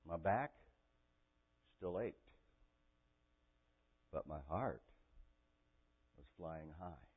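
Male preacher, lowish voice, emotional storytelling, thin phone-like sound. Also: expressive, very slow, slightly rough. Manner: emotional storytelling, rising to near-shouting. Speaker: pastor. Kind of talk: sermon with personal story. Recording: tinny phone-like audio.

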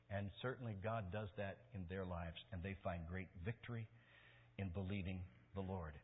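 A man's voice: deep voice, normal speed, breathy edge. An older male pastor preaching a sermon, earnest and story-driven, rising into emphatic stresses. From Michigan, US. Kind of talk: sermon with personal stories. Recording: tinny sermon recording in a reverberant hall.

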